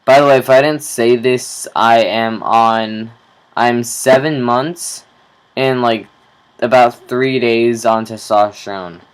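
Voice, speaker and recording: Young guy rambling slow into his camera, cursing a lot, video diary. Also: medium pitch, steady tone, clear, resonant tone, poor audio. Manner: slow, rambling, swears casually. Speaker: vlogger.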